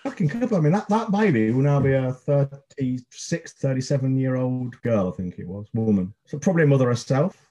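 A man's voice: mid-range voice, lively intonation, fairly quick, hardly any pauses, warm tone, muffled recording. A man in his fifties hosting a podcast, telling rambling, sweary stories in casual chat. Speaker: podcast host.

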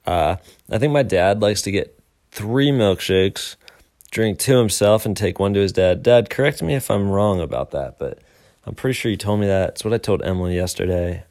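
A man's voice: lowish voice, normal speed, a little mellow. A young man hosting a casual morning show, rambling upbeat with self-deprecating asides. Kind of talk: casual solo podcast talk.

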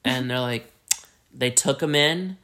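A man co-hosting a podcast, retelling a story in casual chat and jumping into high squeaky voices for the characters. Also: slow pace, pushed and bright. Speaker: podcast co-host.

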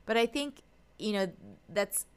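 A middle-aged woman co-hosting a spiritual podcast as a medium, telling a personal story in animated fashion and acting out the voices of the people in it. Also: mid-range voice, measured pace, clean tone. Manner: animated storyteller, acts out quotes. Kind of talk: casual spiritual podcast chat.

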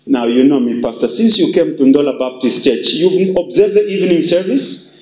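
Emphatic pastor in an echoey church. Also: male voice, expressive, moderate pace. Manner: emphatic, repeats phrases, shifts pitch widely for emphasis. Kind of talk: sermon.

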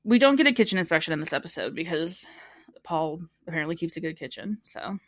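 Laughing, animated woman recapping a show. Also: sits low, quick pace, no echo. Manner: animated storytelling, quotes people in put-on voices, laughs often. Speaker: podcast co-host. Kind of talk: casual recap chat.

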